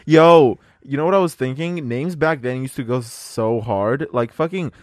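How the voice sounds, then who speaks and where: A young man co-hosting a podcast, chatting casually with friends in an animated, playful way and swearing freely. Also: medium pitch, normal speed, no echo. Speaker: podcast co-host. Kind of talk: casual chat among friends.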